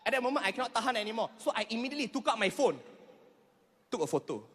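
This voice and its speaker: Stand-up comic, male, Malaysian English accent, very high voice, echoing hall. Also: very fast, noisy background. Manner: animated storytelling with shrill acted voices. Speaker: stand-up comedian. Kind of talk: stand-up comedy. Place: comedy stage before a live audience.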